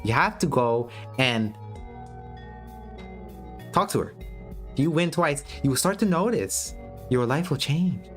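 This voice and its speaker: An American man talks straight at his viewers in a casual livestream, blunt and profane as he lectures. His pitch swings up and down a lot as he talks. A little music plays quietly behind him. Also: expressive, unhurried. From United States. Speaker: streamer giving dating advice.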